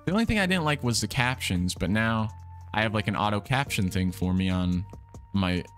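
A man's voice: fairly low pitch, lively intonation, moderate pace. A young man hosting a game livestream, talking casually and rambling, often restarting and repeating his words. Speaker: livestream gamer host. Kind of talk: casual livestream chat while playing. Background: soft background music.

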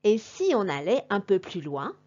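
A woman teaching a language lesson to a class, talking slowly and deliberately in an encouraging way. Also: medium pitch, big pitch swings, darkish tone, muffled recording.

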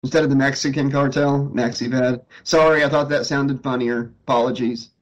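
A man's voice: medium pitch, steady tone, brisk, lo-fi sound. A man co-hosting a movie riff commentary, cracking jokes and laughing often.

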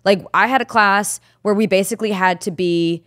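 A woman's voice: mid-range voice, normal speed, a bit bright, no room sound, studio quality. A woman in her twenties, a podcast guest chatting casually, candid and swearing freely as she rambles. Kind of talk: casual chat.

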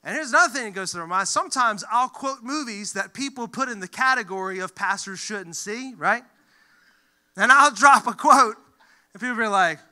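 A male pastor giving a lively, joking sermon, acting out the voices he quotes. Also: very high voice, a little fast. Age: adult who grew up in church, looks back on age twelve. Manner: animated, jokey, acts out quoted voices.

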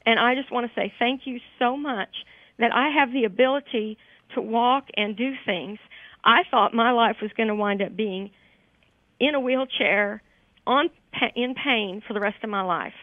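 A woman's voice: on the high side, moderate pace, dry recording. A woman calling in to a radio show, giving a heartfelt, grateful testimonial in an emotional voice. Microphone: telephone. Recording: tinny phone line.

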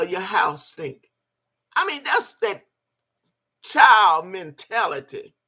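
A woman's voice: mid-range voice, pushed and bright, slightly rough. A woman hosting a live stream, answering her chat and scolding a critic in a profane, mocking rant. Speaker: livestream host.

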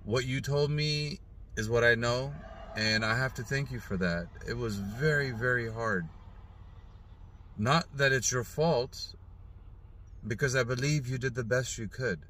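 A middle-aged father speaking earnestly in a heartfelt personal video message, halting and emotional at times. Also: mid-range voice, a bit bright, slight background noise. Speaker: father posting an apology video.

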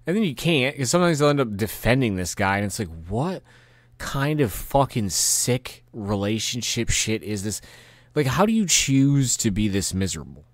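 A man's voice: medium pitch, very animated, moderate pace, dry recording. A man hosting a podcast, delivering a rambling, profane rant with angry bursts and frequent restarts. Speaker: podcast host.

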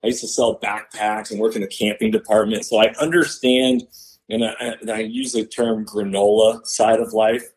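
A man's voice: lowish voice, moderate pace, rough recording. A man, a podcast guest and hunter, telling a story casually and acting out the voices of the people in it. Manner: animated, acts out quoted voices.

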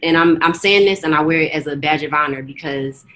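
Low-voiced young American woman. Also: a bit bright. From United States. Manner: earnest, fast-flowing, drifts into quoted dialogue. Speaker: guest. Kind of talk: candid personal storytelling.

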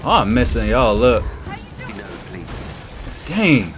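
Excitable man narrating his gameplay. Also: fairly high pitch, normal speed, soft background music. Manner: excitable, reactive, exclaiming. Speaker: gaming channel host. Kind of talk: live gameplay commentary.

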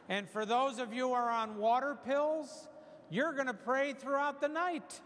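A man's voice: very high voice, unhurried, fairly bright tone, slight background noise. A man in his sixties, a priest giving a folksy, joking homily. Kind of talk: humorous homily. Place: church hall. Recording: long hall reverb.

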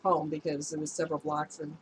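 A woman's voice: sits low, level tone, fairly quick, noisy background. A woman, an adult past her youth, telling a personal story to her viewers in a casual, chatty way and laughing at herself. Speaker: vlogger giving relationship advice.

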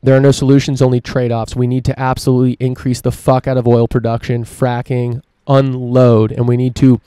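A man's voice: mid-range voice, little pitch movement, a little fast, dark tone, clean tone, no room sound. A man hosting a solo opinion podcast, ranting emphatically and swearing freely. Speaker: podcast host.

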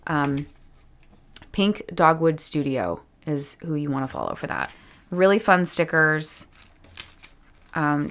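A woman vlogger chatting casually as she unboxes fan mail at home, effusive and often dropping to an awed whisper. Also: low-pitched. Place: home studio.

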